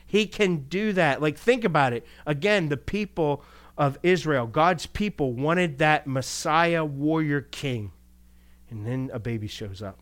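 Male pastor, casual preaching voice, lively delivery with rhetorical questions and quick laughs. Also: fairly high pitch. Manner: animated, rhetorical questions, chuckles. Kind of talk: conversational sermon.

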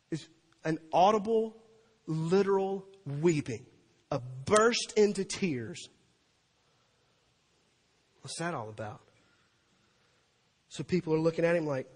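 A high-pitched male pastor preaching with swelling energy, acting out the crowd and reading scripture aloud. His voice rings out with a long reverb from a large hall. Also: slow, pauses often. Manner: animated, acts out crowd and scripture quotes with rising pitch. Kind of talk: sermon.

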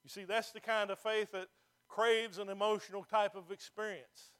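Preaching from the pulpit, this high-voiced male pastor hammers his seated congregation with rhetorical questions. His pitch barely moves, his pace is normal, and his sound is slightly bright.

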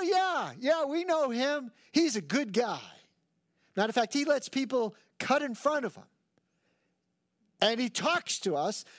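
An older man, a pastor, preaching a sermon and telling stories with self-mocking humor. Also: sits high. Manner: animated storytelling with self-mocking humor and acted quotes.

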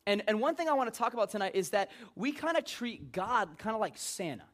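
Guy preaching, jokey and chatty, kinda high bright voice. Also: brisk. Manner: joking, conversational, lively. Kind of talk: informal sermon.

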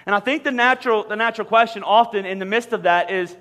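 High-voiced pastor preaching in a big hall. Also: male voice, quick pace, a bit bright. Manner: conversational, frequent word repetitions and humorous asides. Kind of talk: sermon. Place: large church auditorium. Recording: long hall reverb.

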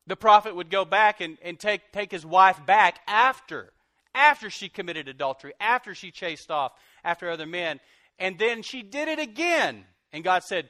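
Animated man preaching a sermon. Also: sits high, normal speed, no echo, clean studio sound. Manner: animated, swings from loud outbursts to soft confessional tones. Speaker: pastor.

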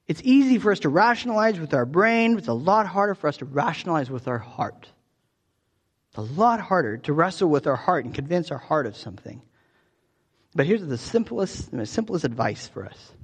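A man preaching a sermon in a conversational way, often restarting his phrases. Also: fairly high pitch. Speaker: pastor.

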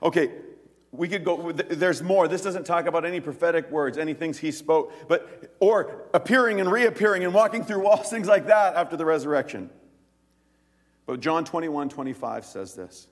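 A male pastor preaching a sermon, retelling stories in a lively, animated way and acting out the voices. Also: fairly high pitch, moderate pace, in a large hall. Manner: animated storytelling, acts out voices, laughs.

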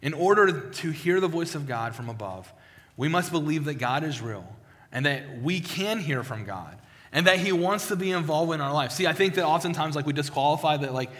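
A man's voice: a little high, expressive, brisk, fairly bright tone. A male pastor giving a sermon with a personal testimony, talking conversationally with frequent restarts and repeated words. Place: church sanctuary. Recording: long hall reverb.

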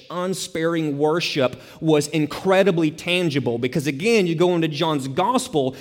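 A man preaching a sermon with emphasis, repeating key phrases and dropping to soft low tones to stress a point. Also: big-room sound. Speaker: pastor.

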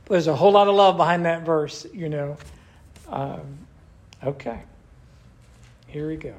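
Older guy teaching church class, a bit high pitched, chatty and asks questions. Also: unhurried. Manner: conversational, asks the group questions. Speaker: pastor.

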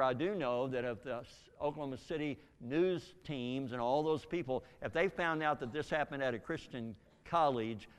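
An older man giving a spoken testimony, telling a story earnestly with halting restarts. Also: medium pitch, smooth. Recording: long reverb in a large hall.

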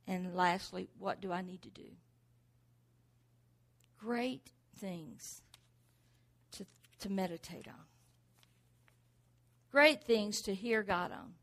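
A woman's voice: mid-range voice, slow, gravelly, pauses often, pushed and bright. A middle-aged woman preaching a sermon, driving points home with rhetorical questions and repeated exhortations.

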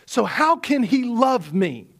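A man's voice: very high-pitched, very animated, slow, gravelly, a bit bright. A male pastor preaching a sermon in an earnest way, repeating phrases for emphasis and sometimes dropping to a near whisper.

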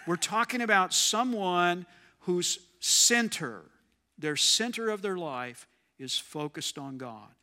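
A man delivers a sermon in a slightly high, forceful and bright voice. He talks conversationally and keeps asking the congregation questions. His voice rings with a long hall reverb. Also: lively intonation, measured pace. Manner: conversational, asks the audience questions. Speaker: preacher.

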